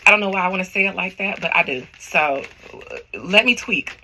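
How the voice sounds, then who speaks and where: Gravelly, sharp-voiced woman tarot reader. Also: on the low side, brisk, slight background noise, rough recording. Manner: rambling, slangy, talks to viewers directly. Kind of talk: casual spiritual reading vlog.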